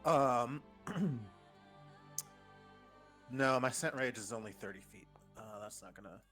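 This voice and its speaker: A man's voice: mid-range voice, lively intonation, slow, a bit bright, faint music behind. A man playing in a tabletop game, chatting casually, laughing often and joking. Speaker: player.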